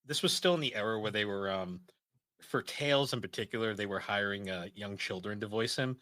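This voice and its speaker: A male podcast co-host with a bright, forceful voice, chatting casually and cracking jokes. His sound is close and dry, with no room around it. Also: lowish voice, brisk, no echo. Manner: jokey, laughs mid-sentence, acts out quotes.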